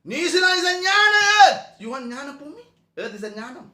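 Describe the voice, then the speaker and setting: A man's voice: extremely high pitch, big pitch swings, fairly quick, sharp tone, roomy sound. A man giving a spiritual discourse to a class in broken English, often asking the listeners questions. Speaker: spiritual teacher. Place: meeting room.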